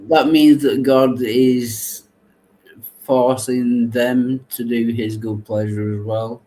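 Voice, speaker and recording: A man's voice: medium pitch, darkish tone, rough recording. A man in a casual Bible discussion who asks questions and agrees readily, often hesitating mid-sentence. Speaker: discussion partner asking questions.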